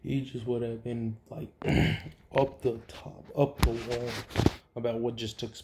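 A man casually retelling an imagined story, rambling with many fillers and restarts and getting loud and excited at the dramatic parts. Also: mid-range voice, measured pace, very noisy. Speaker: fan-theory storyteller.

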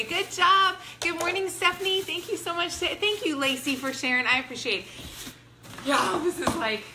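A woman hosting a live unboxing from her home, bubbly and excited, greeting viewers by name. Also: a little high. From Ohio, US. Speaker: product review livestream host. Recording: echoey room with background noise.

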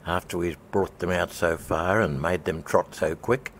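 A man's voice: low-pitched, steady tone, measured pace, slight background noise. A man voicing a pompous, sly and sentimental old male walrus in a storybook reading. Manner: theatrical, raised storybook voice.

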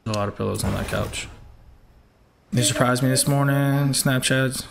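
Casting note: young guy, upbeat live streamer, mid-pitched, faint hiss behind. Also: normal speed, vocal fry. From Georgia, US. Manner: upbeat, chatty, reads out viewer names. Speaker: game streamer. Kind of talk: live-stream chat while racing.

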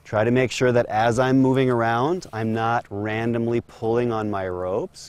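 A man giving a calm, steady instructional demonstration as a horse trainer, talking while working a horse in an outdoor round corral. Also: mid-range voice, moderate pace, hardly any pauses, smooth.

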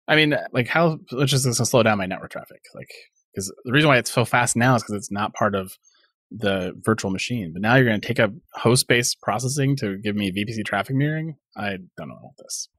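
A man's voice: fairly low pitch, a little fast, fairly bright tone, no echo, clean studio sound. A man co-hosting a casual tech podcast, sarcastic and rambling as he thinks aloud. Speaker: podcast co-host.

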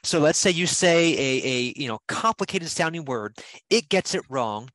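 A man's voice: fairly high pitch, expressive, moderate pace, a bit bright, no room sound, rough recording. Easygoing guy explaining a program, repeats himself, dry sound. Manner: friendly, repeats himself, restarts often. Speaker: guest expert. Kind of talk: casual explanatory chat.

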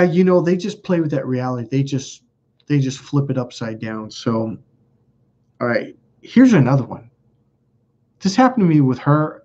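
A man's voice: mid-range voice, darkish tone. A man hosting a casual livestream, telling rambling stories bluntly and with lots of swearing while reading viewer comments. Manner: blunt, profane, rambling storyteller. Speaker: host. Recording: dull lo-fi recording.

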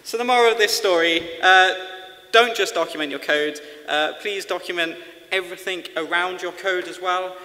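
High-voiced man reading rhymes in a hall. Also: moderate pace, sharp tone. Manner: rhythmic read-aloud, hesitant fillers at the close. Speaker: lightning talk speaker. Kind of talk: reading a rhyming story at a conference talk. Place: large conference hall. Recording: long reverb of a conference hall.

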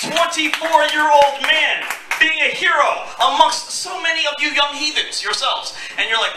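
A man's voice: extremely high pitch, normal speed, hardly any pauses. A man in his thirties on a comedy club stage, doing stand-up and rousing the crowd. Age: 30s. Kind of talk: stand-up set. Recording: echoey room, far-off mic, loud noise.

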